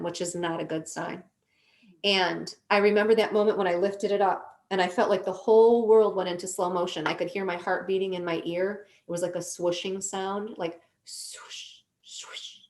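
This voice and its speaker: A woman on a podcast as a guest, telling her own story in an earnest, slow, deliberate way. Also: fairly low pitch, steady tone, darkish tone. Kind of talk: emotional personal storytelling.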